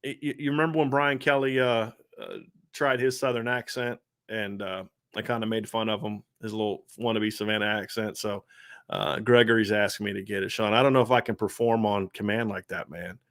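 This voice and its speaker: A man's voice: fairly low pitch, fairly even intonation, a little fast, fairly bright tone. A man hosting a sports talk podcast, chatting casually and rambling with lots of filler words. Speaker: podcast host.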